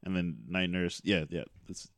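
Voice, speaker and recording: A man's voice: low voice, level tone, normal speed, a bit bright, dry recording. A man co-hosting a podcast in casual chat, steering the talk with dry teasing. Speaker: podcast co-host.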